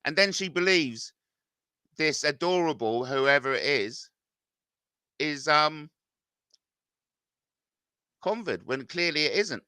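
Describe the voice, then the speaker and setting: A man's voice: on the high side, expressive, takes it slowly, long pauses, sharp tone, smooth, no echo, clean studio sound. A middle-aged man reading out viewer comments and ranting back, agitated and swearing, his voice climbing when confronted.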